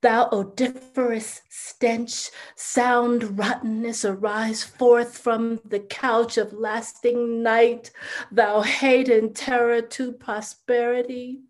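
A woman playing a grieving noble mother wild with sorrow in a classical stage drama, swinging from loud cries to hushed whispers. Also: fairly high pitch, flat delivery, slow pace. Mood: anguished.

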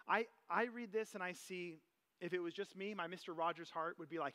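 Man, pastor, casual sermon, conversational, high voice. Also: a little fast. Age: adult parent. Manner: conversational, animated, personal anecdotes.

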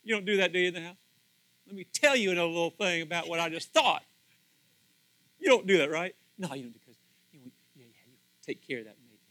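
A male pastor preaches in a lively, chatty way, stumbling over and repeating words as he acts out scenes. His voice sits high and sounds bright and forward. The recording is dry and close. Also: fast, no room sound, rough recording. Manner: animated, conversational, repeats words, acts out quotes. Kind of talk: sermon.

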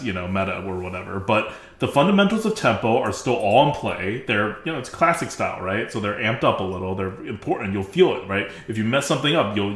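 A man's voice: lowish voice, fairly bright tone, roomy sound. A man co-hosting a casual game podcast, talking emphatically and acting out mock quotes. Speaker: podcast co-host.

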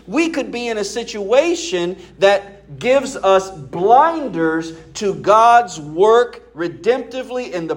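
A male pastor delivering a sermon in a fairly high voice. He talks in a conversational way but leans hard on key points and keeps asking his listeners questions. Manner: conversational, emphatic preaching with rhetorical questions.

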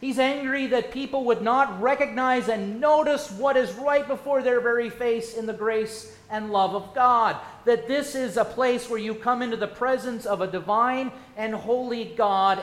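Pastor guy preaching, high voice, lots of questions at the crowd, booming then quiet, roomy church echo. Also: a little slow, few pauses. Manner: asks many rhetorical questions, swings from loud to hushed. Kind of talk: sermon. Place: church sanctuary. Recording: echoey church room.

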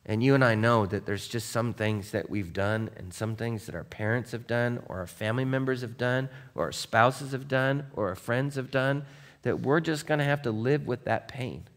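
A man pastor delivering a conversational sermon, dropping to a hush and then rising to emphatic points while asking his listeners direct questions. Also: mid-range voice, normal speed, big-room sound. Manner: conversational, swings between hushed and emphatic; asks the congregation direct questions.

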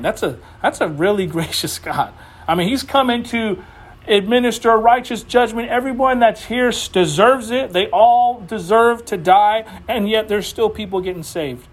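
A man with a notably high voice preaches to his church. He speaks in a loose, folksy way, scattering "you know" through his sentences as he goes from chatty remarks to reading scripture. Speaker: pastor. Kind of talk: conversational sermon. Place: church building.

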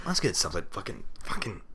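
A man's voice: fairly low pitch, huge pitch swings, normal speed, creaky, a bit bright. A man co-hosting a podcast in casual chat, cursing a lot and sounding mock-exasperated. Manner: profane, exasperated, joking. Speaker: podcast co-host.

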